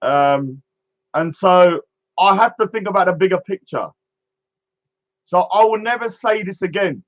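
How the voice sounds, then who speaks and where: A man's voice: sits high, unhurried, long pauses, a bit bright, dull audio. A man, a street speaker giving vlog commentary in a mocking, repetitive manner.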